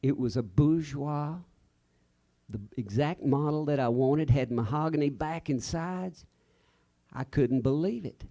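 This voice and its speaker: A singer-songwriter man telling a story to a live audience in a chatty, animated way, acting out the people in it. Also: fairly high pitch, unhurried. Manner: chatty, animated, acts out the quoted voices. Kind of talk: casual onstage storytelling. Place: live stage.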